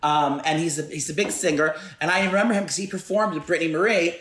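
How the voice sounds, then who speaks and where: A man's voice: a little high, quick pace, a little hiss or hum. Male co-host, casual storyteller, loose and rambling, lots of restarts. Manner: rambling, animated anecdote with frequent restarts. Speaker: podcast co-host.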